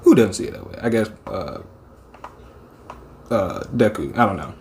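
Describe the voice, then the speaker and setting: Excitable man with a lively voice. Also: lowish voice, moderate pace, a little hiss or hum. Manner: excitable, swears freely, shouts his reactions. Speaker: manga reaction host. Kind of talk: casual reaction commentary.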